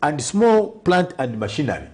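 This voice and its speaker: This man's voice is a little high and sing-song, moving at normal speed. He's a party president answering TV interview questions, pressing his argument point by point, repeatedly asking "Okay?" and occasionally fumbling a word.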